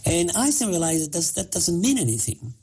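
Husky-voiced man explaining with many pauses. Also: on the high side, very animated, a little mellow. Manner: halting, many fillers, explanatory. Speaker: physicist guest. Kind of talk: interview answers.

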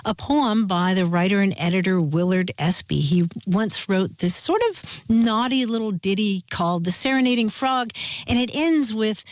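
A woman co-hosting a call-in radio show, speaking clearly and at a measured pace as she reads out numbers and listener stories. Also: medium pitch, no room sound. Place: radio studio. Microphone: studio microphone.

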